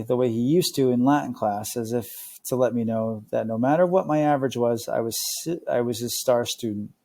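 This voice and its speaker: A man reads a novel aloud at a steady pace so that learners can follow along. His voice has a gravelly texture at a medium pitch. The reading stays clear and even. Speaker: narrator. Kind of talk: read-along narration.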